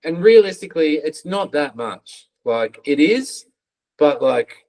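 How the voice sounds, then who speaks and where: On a casual storytelling interview, a man appears as a podcast guest, spinning lively tales, swearing without restraint and voicing what others said. His voice is on the high side with a measured pace, and the recording is low-quality.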